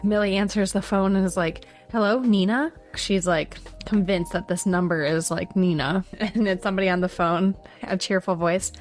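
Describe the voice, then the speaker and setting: A woman's voice: lowish voice, steady tone, normal speed, few pauses, soft background music. A woman co-hosting a book podcast, recapping a thriller plot in a chatty way with lots of fillers. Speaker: podcast co-host. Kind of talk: casual book discussion.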